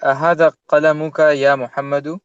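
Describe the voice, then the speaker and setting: Male student, fast and halting, smooth voice, dull lo-fi line. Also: on the high side, little pitch movement, no echo. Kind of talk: reading aloud in class.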